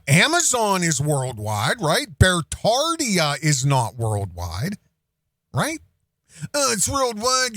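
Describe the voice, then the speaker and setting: A man's voice: high voice, fairly bright tone, no room sound, studio quality. A man hosting a commentary show, ranting in a sarcastic, mocking way with lots of swearing.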